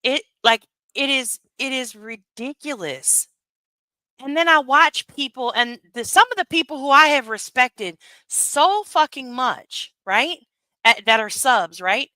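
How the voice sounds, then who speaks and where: Bright-voiced woman ranting on a stream. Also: high-pitched, lively intonation, unhurried, dry recording, studio quality. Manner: profane, heated, rambling with many asides. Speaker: commentary streamer. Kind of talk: ranting livestream commentary.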